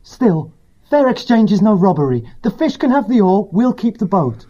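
Man playing a husky young boy mouse. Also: sits high, big pitch swings, moderate pace, dark tone, voice pushed up. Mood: cheery. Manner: cheery colloquial talk. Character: plucky young male mouse. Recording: dull lo-fi recording.

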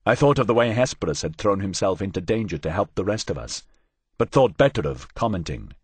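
Husky, expressive male narrator. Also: on the low side, brisk, no room sound. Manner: wry, expressive first-person telling. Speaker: audiobook narrator. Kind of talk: scripted narration.

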